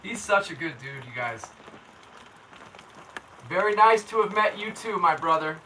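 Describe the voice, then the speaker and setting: A man's voice: high voice, animated, a little slow, bright, forceful tone, far from the mic, slight background noise, low-quality recording. Laid-back, slangy man chatting on a livestream. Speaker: local weather livestream host. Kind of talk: casual livestream chat reading comments. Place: indoors at home.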